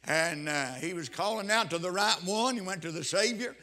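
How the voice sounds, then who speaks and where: A man preaching a sermon, with a rhythmic cadence, drawn-out emphatic phrases and shouted interjections. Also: high voice, expressive.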